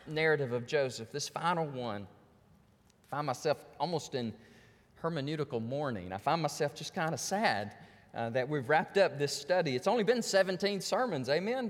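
A man's voice: a little high, in a large hall. A man preaching a sermon as pastor, telling stories animatedly and acting out the voices of the people in them.

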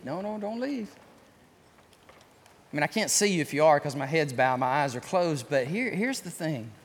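A man preaching a sermon, acting out voices of sinners and then pleading softly in prayer during the invitation. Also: fairly high pitch. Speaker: pastor. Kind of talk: sermon with altar call. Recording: church hall reverb.

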